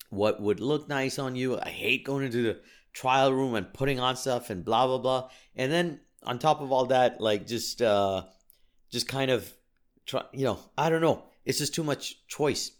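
A middle-aged man talking casually to his listeners in a voice of ordinary pitch. He rants in an animated, self-mocking way and sounds exasperated. He often stumbles and restarts. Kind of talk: casual storytelling rant.

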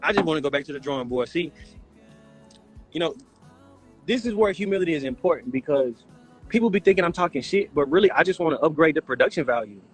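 A man's voice: a little high, lively intonation, quick pace, long pauses, faint music behind. A man from Texas, a guest in a casual livestream chat, bantering in a brash, teasing, mock-angry way. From Texas, USA.

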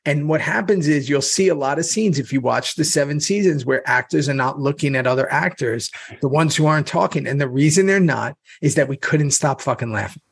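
Middle-aged male co-host, husky, relaxed profane anecdotes. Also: a little high, fairly quick, few pauses. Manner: profane, laughing storyteller. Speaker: podcast co-host. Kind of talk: casual chat.

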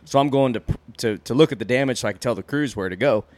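A man's voice: mid-range voice, no room sound. A man on a podcast telling a casual, profane story from his working life. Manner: fast, lively, swearing anecdote.

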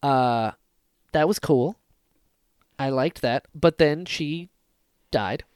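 A man co-hosting a casual fan podcast, talking excitedly and acting out scenes with sudden loud bursts. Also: a little high, takes it slowly, clear, resonant tone, no room sound, clean studio sound. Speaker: podcast co-host.

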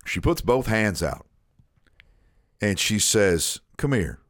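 Man, casual storyteller, low pitch, dry close sound, repeats words, quotes others. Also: expressive, slow, fairly bright tone, no room sound. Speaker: storyteller on a chat show.

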